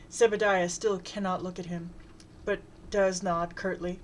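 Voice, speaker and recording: A woman reading a comic story aloud in a wry, deadpan way. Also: lowish voice, normal speed, slight background noise. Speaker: reader.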